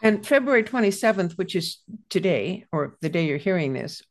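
A woman's voice: on the low side, expressive, moderate pace. A woman co-hosting a casual radio garden show, reading out event announcements in a chatty way and correcting herself along the way.

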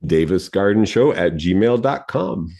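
A man's voice: low voice, expressive, unhurried, vocal fry, warm tone. A man co-hosting a radio garden show, giving friendly, explanatory advice and chuckling often.

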